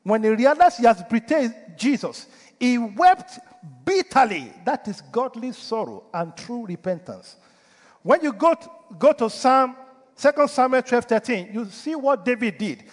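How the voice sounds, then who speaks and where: A man's voice: extremely high pitch, sing-song, measured pace, big-room sound. A male pastor delivering a sermon, preaching emphatically and putting rhetorical questions to the congregation. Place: church.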